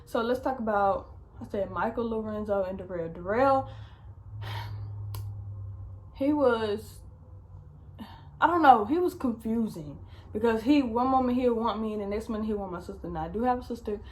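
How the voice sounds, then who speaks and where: A woman's voice: a little high, moderate pace, pauses often. A young woman vlogger telling a storytime, chatty and slangy, swearing often. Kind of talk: casual storytime.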